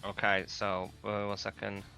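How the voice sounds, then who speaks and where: A man's voice: on the low side, completely flat delivery, measured pace, gravelly, bright, forceful tone, smooth, faint music behind. A man playing a tabletop game, reading rules aloud and checking his moves as he goes. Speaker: player. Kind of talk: casual tabletop game play.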